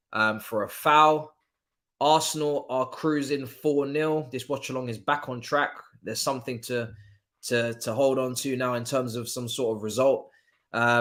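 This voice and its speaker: A man hosting a live football watchalong stream, chatting casually and breaking into excited cheers. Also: medium pitch. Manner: excitable, jumps from calm chat to loud cheering. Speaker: livestream watchalong host.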